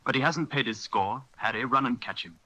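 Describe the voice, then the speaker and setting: A man's voice: mid-range voice, a little fast, sharp tone, no room sound, voice pushed up, rough recording. A man voicing a hearty, cunning one-legged pirate cook who talks in bluff, blustering sea-dog phrases. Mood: indignant.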